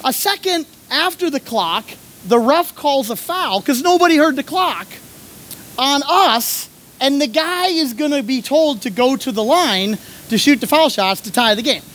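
A man preaching and telling a story, animated, shouting when he acts out scenes. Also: very high-pitched, unhurried. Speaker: pastor and coach. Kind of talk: sermon with storytelling.

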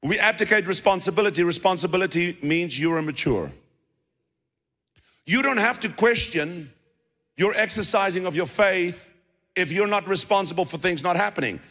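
A man's voice: high-pitched, animated, moderate pace, a bit bright. A man preaching a sermon as pastor, emphatic and driving points home with repetition. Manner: emphatic preaching with repeated phrases. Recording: long reverb of a large hall.

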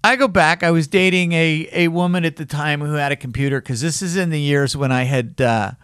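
A man's voice: fairly high pitch, a little fast, clean tone, no room sound, studio quality. A middle-aged man on a podcast telling a long personal story in casual chat, acting out the voices of the people in it. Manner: animated, acts out voices in his story.

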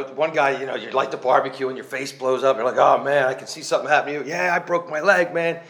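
A man with a somewhat raised speaking pitch shares his personal testimony before a congregation. He talks earnestly and plainly, pokes fun at himself, and often restarts his sentences as he goes. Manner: earnest and conversational, with self-mocking humor; rambling, with restarts. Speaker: church member giving a testimony.

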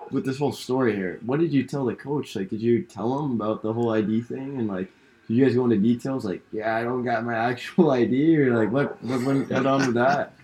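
A man's voice: medium pitch, brisk, slight background noise, poor audio. A man hosts a laid-back conversation and throws easy questions at his guest. His manner stays casual throughout. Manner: relaxed, asks questions. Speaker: podcast host. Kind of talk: casual interview chat.

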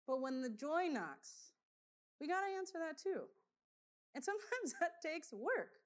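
A woman preaches with a high, light voice, chatty and loose, full of fillers and bursts of laughter. She tells stories to her congregation with animated energy. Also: measured pace. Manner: animated storytelling, laughs often, conversational with fillers. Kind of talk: sermon.

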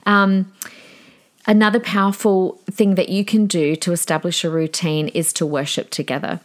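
A woman's voice: fairly low pitch, level tone, moderate pace. A woman in her forties with an Australian accent, hosting a podcast in a chatty, earnest and rambling way. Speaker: podcast host. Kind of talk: casual solo podcast talk.

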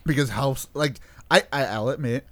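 A man's voice: medium pitch, moderate pace, no echo. A man co-hosting a casual movie review podcast, often stammering and restarting, blunt and profane. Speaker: podcast co-host.

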